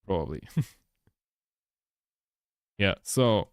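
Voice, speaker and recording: A man's voice: fairly low pitch, lively intonation, extremely slow, clean tone, dry recording, clean studio sound. A man chatting casually while editing a video, rambling, swearing a lot and laughing often, recorded indoors at home. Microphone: laptop microphone.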